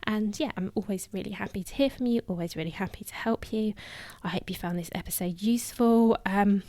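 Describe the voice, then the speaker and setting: Female solo podcast host, mid-pitch, a little breathless, chatty with lots of ums, dry close recording. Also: fairly quick, warm tone, no echo. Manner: chatty, full of "um" fillers and restarts. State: somewhat out of breath.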